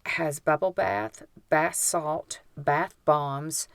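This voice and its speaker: A woman co-hosts a casual podcast in a very deep, slow voice with a gravelly texture. She speaks in a relaxed way and goes through items one at a time. The recording is dry and close. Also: dry recording. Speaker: podcast co-host.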